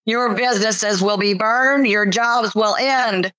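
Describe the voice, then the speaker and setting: A woman's voice: a little high, slow pace, sharp tone, dry recording, low-quality recording. A woman reading as a bombastic preacher-politician. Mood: ranting. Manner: bombastic, self-pitying, demagogic. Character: pompous ranting male preacher-politician, middle-aged. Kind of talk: reading fiction aloud.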